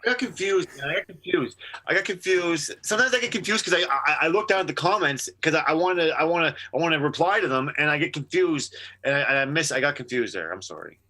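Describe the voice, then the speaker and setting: A man's voice: fairly high pitch, fast talker, sharp tone. A man co-hosting a live stream, talking earnestly and rambling with repeated phrases. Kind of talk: casual livestream chat.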